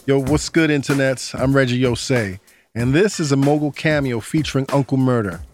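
Laid-back New York podcast host. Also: male voice, medium pitch, brisk, a little mellow, soft background music. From Brooklyn, New York. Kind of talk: scripted narration and interview.

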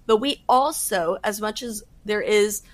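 Woman, podcast guest, earnest faith testimony, casual, quick bursts. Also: medium pitch. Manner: earnest, fast-talking with fillers.

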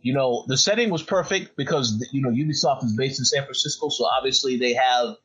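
A man's voice: medium pitch, brisk, fairly bright tone, breathy edge, soft background music, low-quality recording. A man hosting a casual podcast chat, stammering on repeated words and hedging as he talks. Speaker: podcast host.

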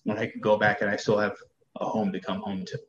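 Low-voiced soldier in an echoey room. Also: male voice, level tone, fast talker. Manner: candid, repeats words while thinking. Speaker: soldier guest. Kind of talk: casual conversation. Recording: dull echoey room sound.

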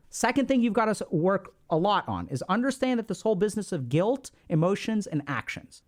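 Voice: medium pitch, a little mellow. Blunt, swearing therapist giving advice. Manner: blunt, swears, acts out sample dialogues. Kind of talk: casual advice talk to camera.

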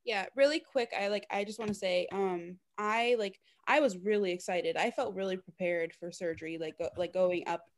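A woman's voice: medium pitch, normal speed, few pauses. A woman guest in a casual podcast chat, talking hesitantly with many fillers.

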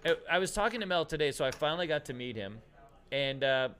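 Excitable rambling man hosting a stream. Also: fairly high pitch, fast talker. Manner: excitable, rambling, fond of "dude". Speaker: host. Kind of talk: casual livestream chat.

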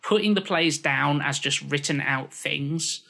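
A man, co-hosting a casual podcast chat, talking in a measured, analytical way. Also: on the high side, vocal fry, sharp tone. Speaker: podcast co-host.

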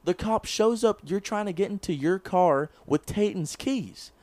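Young male podcast co-host, slightly high and dry, lively profane storyteller. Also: measured pace, dry recording. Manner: animated, swears a lot, acts out quotes. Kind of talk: casual chat, storytelling. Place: small room, close mic.

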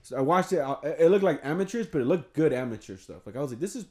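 A man's voice: a little high, expressive, fast, darkish tone. Man, casual storyteller, profane, rambling. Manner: rambling, swears freely, acts out quotes. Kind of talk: casual storytelling among friends.

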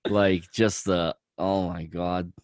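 A man's voice: sits low, flat delivery, slow, darkish tone, dry recording, clean studio sound. A young man and podcast co-host in casual chat. He is laid-back and swears freely, chiming in with short agreements.

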